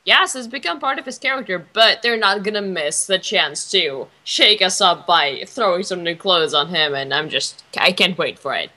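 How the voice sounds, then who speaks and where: A woman's voice: on the low side, normal speed, hardly any pauses, pushed and bright. A woman co-hosting a fan podcast, talking enthusiastically as a fan. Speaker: podcast co-host. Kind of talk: casual chat.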